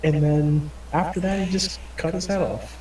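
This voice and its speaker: A man's voice: a little high, steady tone, moderate pace. A man playing a tabletop game, telling a crude rambling story full of profanity and acting out the other characters. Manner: profane, rambling, acts out quoted voices. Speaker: player. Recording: roomy and distant with clear background noise.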